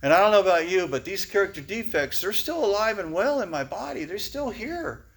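A man shares his personal story before a recovery group in a candid, emotional way, laughing now and then. His voice sits somewhat high for a man. He often restarts his sentences as he talks. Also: animated, fairly quick. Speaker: speaker sharing at a recovery meeting. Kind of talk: personal testimony talk.

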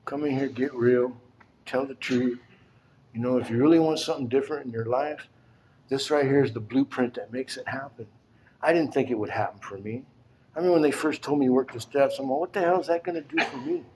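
An older man giving a plainspoken, emotional personal testimony at a recovery support meeting, often halting and repeating himself. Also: mid-range voice, a little mellow, a little hiss or hum.

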